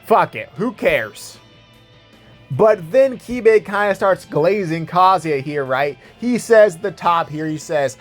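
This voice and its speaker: A man's voice: on the high side, lively intonation, a little slow, soft background music. A man giving a casual, foul-mouthed manga chapter review, laid-back and full of fillers. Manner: laid-back, swears often, filler-heavy. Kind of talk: casual profane commentary.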